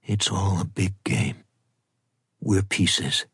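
A man doing a low, stiff, secretive young man. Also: little pitch movement, unhurried, gravelly, husky, no echo, clean studio sound, heavily acted.

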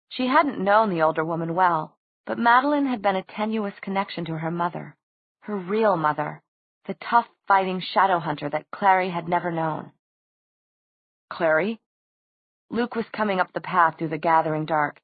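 A woman reading a novel aloud as a steady audiobook narrator, in a dry, tinny recording. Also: fairly low pitch, no echo. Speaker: audiobook reader. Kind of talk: scripted narration. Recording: dry, tinny phone-like sound.

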